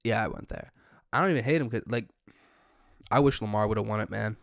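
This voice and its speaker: A young man hosting a solo podcast, ranting in an exasperated way with sudden loud outbursts. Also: fairly low pitch, fast, vocal fry, no room sound, clean studio sound. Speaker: podcast host.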